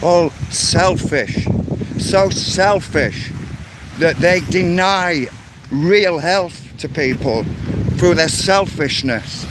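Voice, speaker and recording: Slow, angry ranting man. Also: fairly high pitch, noisy background. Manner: angry, insistent, repeats words while ranting. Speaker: vlogger. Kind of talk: ranting vlog monologue.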